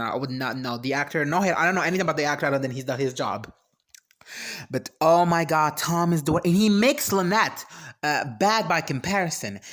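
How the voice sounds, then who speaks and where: A vlogger giving an animated, exasperated reaction rant, sarcastic and emphatic, breaking into high shrieks. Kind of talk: ranting reaction commentary.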